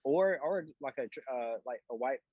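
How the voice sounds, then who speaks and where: A man's voice: medium pitch, animated, moderate pace, dry recording. A young man who is a guest on a stream, chatting casually in a rambling way with lots of fillers and dry jokes. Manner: rambling, many "like" and "you know" fillers, joking. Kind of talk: casual chat. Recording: slightly muffled remote audio.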